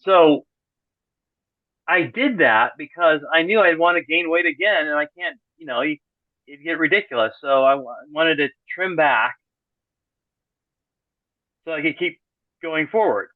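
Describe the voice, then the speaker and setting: A man's voice: a little high, lively intonation, unhurried, long pauses, no echo. Man on a tinny, dry call line. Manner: rambling, self-correcting, dry sarcastic humor. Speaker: podcast guest. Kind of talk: casual conversational interview. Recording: tinny phone-like call audio.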